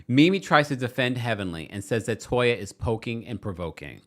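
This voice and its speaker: A man's voice: mid-range voice, very animated, moderate pace, fairly bright tone. A man hosting a reality TV recap, reading viewer comments and giving sassy, dramatic commentary.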